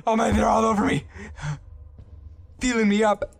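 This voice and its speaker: A man hosting a comedic horror game let's play, joking and yelling in a frantic way. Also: sits high, monotone, moderate pace, gravelly. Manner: frantic screaming and joking voices. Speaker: gaming video host.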